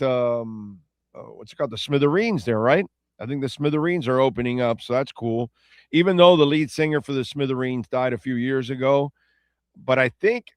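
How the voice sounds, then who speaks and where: A man's voice: mid-range voice, no room sound, studio quality. A man hosting a casual talk show, rambling through listener comments and correcting himself as he goes. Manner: rambling and self-correcting, loose and chatty. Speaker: radio show host.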